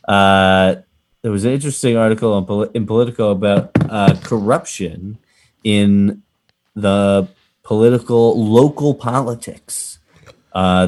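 A man's voice: fairly low pitch, darkish tone. A man from Massachusetts hosting a casual cannabis talk show, talking loosely with many fillers and restarts. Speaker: podcast host. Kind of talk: casual chat.

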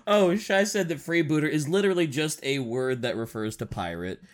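A co-host in casual chat, excitable, laughing and swearing often. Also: mid-range voice, a little fast.

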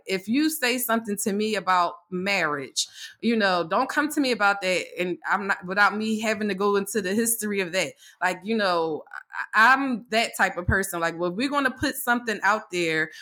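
A woman co-hosting a casual talk show, telling a story candidly, swearing freely and acting out what people said, often laughing. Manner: laughs often, pitch jumps up when excited. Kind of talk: casual chat.

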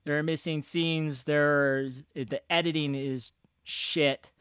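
Guy on a movie podcast telling the backstory, kinda high voice, dead dry sound. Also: takes it slowly, clear, resonant tone, no room sound. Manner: relaxed, explaining film history. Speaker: podcast co-host. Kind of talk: casual movie chat.

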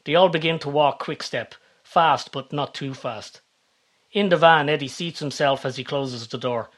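Man reading a story. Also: mid-range voice. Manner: steady, even-toned reading. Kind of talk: scripted story narration.

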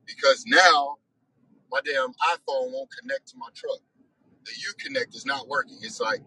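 A man's voice: mid-range voice, big pitch swings, moderate pace, pushed and bright, breathy edge, low-quality recording. A man hosting a weekly discussion, telling a story in a casual monologue with exasperated, profane and self-reflective talk.

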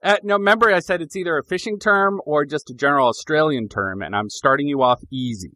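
A man's voice: a little high, fast, bright, forceful tone, no echo. A man hosting a casual call, running a quiz in an upbeat way and laughing often. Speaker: host. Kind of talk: casual chat over a call.

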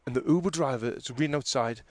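A man, loose and chatty, who rattles through a story and gets loud when he plays out an argument. The sound is dry and close, with no room around it. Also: medium pitch, fast talker, dry recording. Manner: animated storyteller who acts out arguments loudly. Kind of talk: casual chat, storytelling.

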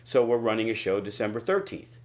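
A man in a casual interview telling the story of a big wrestling show. He talks in an animated way and leaps up in pitch when he quotes people. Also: a little fast. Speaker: wrestling promoter.

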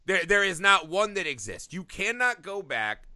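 Lively bright-voiced man chatting. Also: high-pitched, moderate pace, no echo. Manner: animated, swears freely, jumps into shouted impressions. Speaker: podcast co-host. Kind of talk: casual chat about movies.

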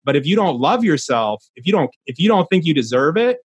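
A man's voice: a little high, sing-song, a little fast, husky, no echo, dull audio. A young adult man, a podcast guest, talking earnestly in a casual interview, rambling with many restarts.

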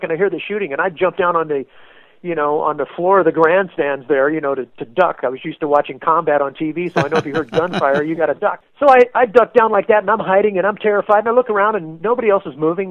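A man guest telling a story in an animated way, acting out quotes with sudden loud bursts, as a race car paint designer. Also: fairly high pitch, dry recording. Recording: tinny phone-like line, dry.

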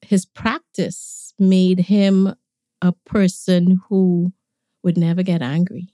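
A woman, a podcast guest, tells stories about her family in a relaxed way and laughs often. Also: fairly low pitch, slow pace, no room sound, clean studio sound. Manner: warm reminiscing, laughs often. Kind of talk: conversational storytelling.

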